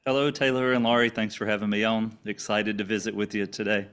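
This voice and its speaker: A man from Louisiana with a country Cajun accent mixed with Texas twang, telling his life story as a podcast guest in a relaxed, rambling way with many fillers. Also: fairly low pitch, fast talker, clear, resonant tone. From Louisiana, USA. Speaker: guest, author and coach. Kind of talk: storytelling interview.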